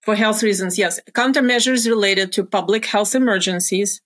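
A woman's voice: medium pitch, steady tone, moderate pace. A middle-aged woman, a former pharmaceutical research executive, explaining things as an interview guest in earnest, careful steps.

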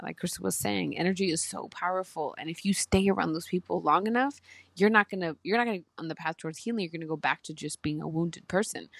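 A woman's voice: lowish voice, gravelly, husky, dry recording. Earnest woman podcast host, dry sound. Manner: emotional, earnest, rambling with restarts. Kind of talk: heartfelt casual talk.

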